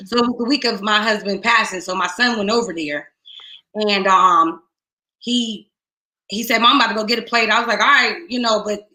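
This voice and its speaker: A middle-aged woman giving a raw, emotional personal testimony. She swings between tearful hushed moments and rising outbursts. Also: mid-range voice, echoey room. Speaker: guest speaker.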